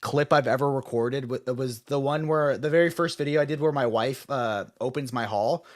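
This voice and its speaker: A medium-pitched man speaks at a moderate pace as co-host of a casual comics talk show. He's chatty, uses lots of fillers, and laughs frequently.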